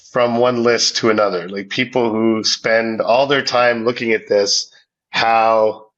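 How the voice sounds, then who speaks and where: A man co-hosts a casual hockey podcast, thinking out loud with many restarts and easy laughter. His mid-range voice has a fairly bright tone, though the recording cuts off the highs.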